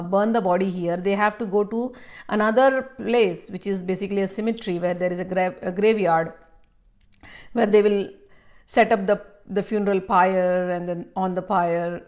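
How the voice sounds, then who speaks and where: A woman from India telling a spiritual story aloud, halting with fillers and restarts, then more animated in the dramatic parts. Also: fairly low pitch, gravelly. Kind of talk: spoken storytelling.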